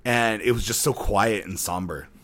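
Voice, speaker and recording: A man in his thirties co-hosting a podcast, chatting casually and telling long, animated stories with many restarts. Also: fairly low pitch, normal speed. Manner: rambling, animated storytelling with frequent restarts. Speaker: podcast co-host. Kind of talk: casual chat.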